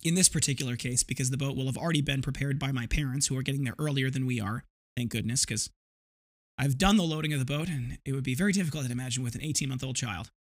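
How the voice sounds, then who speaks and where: This podcast host, a man in his thirties, talks fast in a medium-pitched voice, delivering a loose, vividly told story in a casual monologue, with many restarts.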